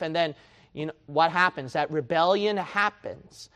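Male preacher, fiery sermon delivery, big swings between whispers and shouts, higher voice than most men. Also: unhurried. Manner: swings from hushed to shouting, mocks excuses in whiny voice.

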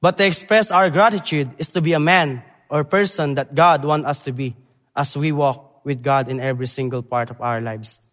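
A young man from the Philippines, preaching a sermon in halting English that moves between loud emphasis and quiet, earnest moments. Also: on the high side. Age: young adult. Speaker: preacher, Bible college graduate. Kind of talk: church sermon and missions presentation. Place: church sanctuary. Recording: long church hall reverb.

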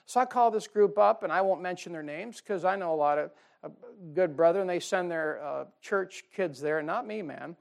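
A man's voice: sits high, moderate pace, creaky. A middle-aged man delivers a sermon as a pastor. He keeps it conversational and folksy, tossing in asides and little laughs as he moves through scripture.

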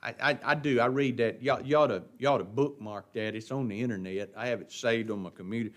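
A man's voice: mid-range voice, a little fast. A man teaching an adult Bible class in a folksy way, often asking the class questions. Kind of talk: Bible lesson. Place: church classroom.

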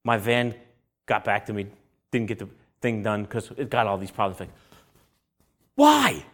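Male preacher, conversational sermon delivery, rhetorical questions, bursts of animated acted voices. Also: moderate pace. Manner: asks rhetorical questions and answers them; acts out quoted voices with big jumps in pitch and loudness.

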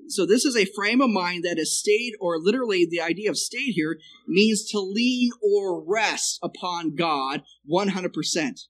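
High-voiced man preaching a sermon. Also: a little slow, hardly any pauses, poor audio. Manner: explains the Hebrew text, often checks in with "okay?".

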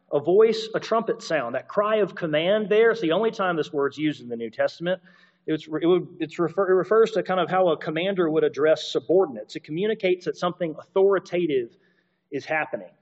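A man's voice: a little high, dull audio. A man preaching a sermon, explaining scripture in a conversational teaching manner with asides and repeated points. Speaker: pastor.

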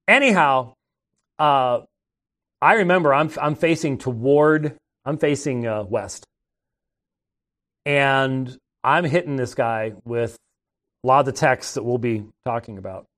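A man's voice: medium pitch, fairly bright tone. A middle-aged man hosting a talk show, telling rambling, conversational stories and often restarting his sentences. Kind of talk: casual anecdotal storytelling.

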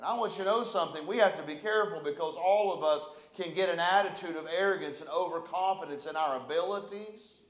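High-voiced preacher, echoey room. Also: male voice, fast talker, few pauses. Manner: fervent, repetitive, emphatic preaching. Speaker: pastor. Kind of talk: sermon.

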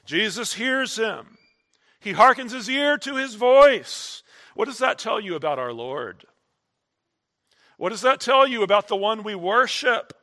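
Preacher guy, highish voice, takes his time, emphatic sermon delivery. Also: bright, forceful tone. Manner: slow, emphatic preaching with rising and falling intensity.

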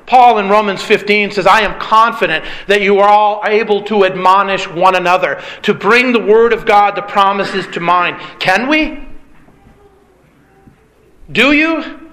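Male preacher, high bright tone, insistent questioning sermon delivery. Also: fairly even intonation, moderate pace, hardly any pauses. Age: adult with a young child. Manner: emphatic preaching with repeated rhetorical questions. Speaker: pastor.

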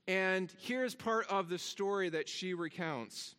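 High-voiced preacher in an echoing hall. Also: male voice, slow pace, few pauses, a bit bright, clean tone. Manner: earnest, repeats words, rises in pitch for emphasis. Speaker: pastor. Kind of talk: sermon. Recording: long hall reverb.

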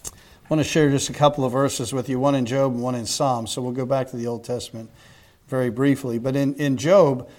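A man's voice: medium pitch, fairly even intonation, a little fast, a little mellow. A man preaching a sermon as a pastor in a conversational way, asking the congregation questions, acting out quotes and often repeating a word at the start of a phrase.

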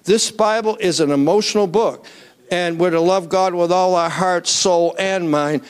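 Guy preaching, pretty high voice, gets loud and fired up, keeps asking folks to raise hands. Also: measured pace, clear, resonant tone. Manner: animated, rising to near-shouts; asks the crowd to raise hands. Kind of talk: sermon.

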